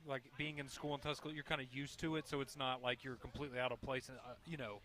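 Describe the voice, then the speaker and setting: A man from the American South co-hosting sports radio, rambling quickly with many fillers. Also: medium pitch, little pitch movement, sharp tone. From Southern United States. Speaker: radio co-host. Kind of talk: casual studio banter.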